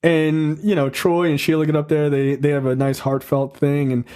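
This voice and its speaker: A man's voice: a little high, level tone, moderate pace, warm tone, clean tone. A man co-hosting a casual movie review podcast, recapping scenes with loose, profane humor. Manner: profane, summarizing scenes with acted-out quotes. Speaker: podcast co-host.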